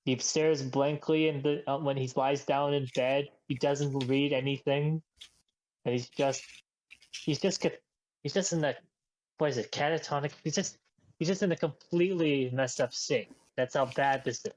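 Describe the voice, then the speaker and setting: A man in a casual tabletop role-play session, describing his character in a stammering, halting way. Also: medium pitch, fairly even intonation, a little mellow, rough recording. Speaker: player.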